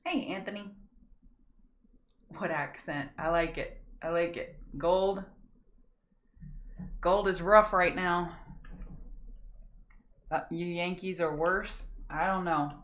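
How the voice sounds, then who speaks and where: A woman with a Louisiana Southern accent and a fairly low voice hosts a live pre-market trading show. She is chatty and folksy, greets viewers by name, and slows down to pronounce each word carefully. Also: fairly bright tone. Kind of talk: casual live-stream market commentary.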